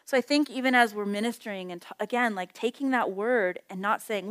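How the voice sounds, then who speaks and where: A woman's voice: a little high, a little fast, hardly any pauses. Chatty woman teaching a Bible study. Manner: conversational, animated storytelling with acted quotes. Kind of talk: casual teaching talk.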